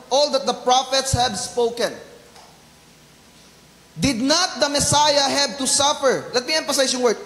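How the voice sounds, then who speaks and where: A Filipino man preaching a sermon as pastor, mixing English and Tagalog, asking the congregation questions and slowing down to stress key words. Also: very high voice, a bit bright. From Philippines. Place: church hall. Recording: echoey church hall reverb.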